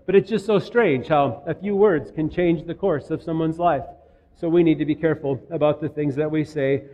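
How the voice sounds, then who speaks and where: A man's voice: fairly high pitch, normal speed, long reverb tail, dull audio. A man from Minnesota preaching a sermon, telling stories in a conversational way. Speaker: pastor.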